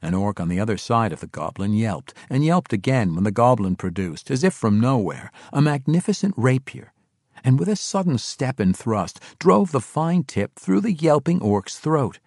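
A man narrating a fantasy novel in expressive storytelling style. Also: mid-range voice, normal speed, dry recording, studio quality. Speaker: audiobook narrator.

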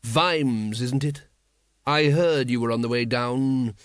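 A man's voice: mid-range voice, fairly even intonation, takes it slowly, clean tone, dry recording, lightly acted. A man voicing an unruffled, polite aristocratic older ruler with a dry manner. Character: calm urbane aristocratic older male ruler.

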